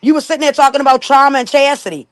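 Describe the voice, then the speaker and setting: A woman's voice: high voice, rapid-fire, no room sound. A young woman in casual gossip chat, blunt and profane, telling stories at length. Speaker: gossip guest.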